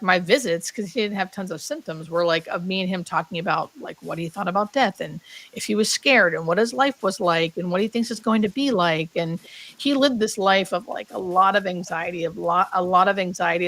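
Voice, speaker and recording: A woman's voice: on the low side, fairly quick, fairly bright tone, low-quality recording. Heartfelt woman telling a personal story. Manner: heartfelt, many "like" fillers, drops to a whisper when quoting. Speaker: guest, hospice nurse. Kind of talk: emotional storytelling.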